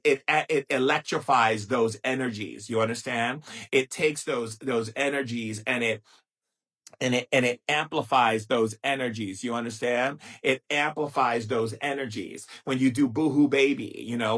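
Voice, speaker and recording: A man giving a live spiritual talk, playful and theatrical, with sudden jumps in pitch and drawn-out chanted phrases. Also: a bit bright. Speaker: spiritual teacher.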